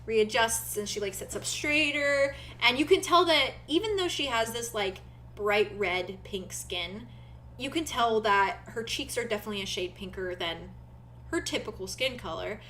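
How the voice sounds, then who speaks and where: A woman's voice: on the high side, lively intonation, normal speed, bright, forceful tone, a little hiss or hum. A woman running a tabletop game as game master, narrating in a rambling way and searching for words with many fillers.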